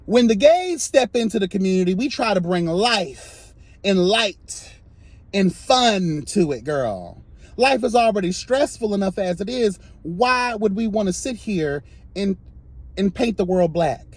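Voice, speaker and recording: A man giving an impassioned, sassy commentary rant, swinging between soft asides and loud emphatic outbursts. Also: high voice, lively intonation, measured pace, no room sound.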